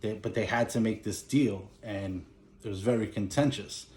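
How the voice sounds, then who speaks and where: A man's voice: on the low side, normal speed, a little mellow, echoey room. A man casually recapping a movie plot in a rambling way, with lots of "you know" and "he's like". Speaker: movie collector recapping a film.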